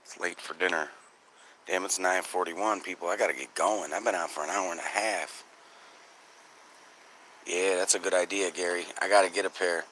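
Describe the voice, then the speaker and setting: A man's voice: sits low, normal speed, long pauses, a little hiss or hum. A man hosting a live night-sky watching stream outdoors, chatting with viewers and swearing often. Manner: profane, excitable, talks to chat viewers. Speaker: skywatch livestream host. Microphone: phone.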